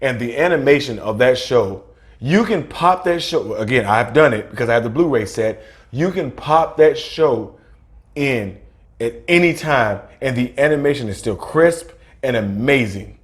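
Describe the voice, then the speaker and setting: A man's voice: mid-range voice, animated, normal speed. A man in his thirties co-hosting a podcast, chatting casually over drinks, rambling, restarting sentences and hunting for words. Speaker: podcast co-host.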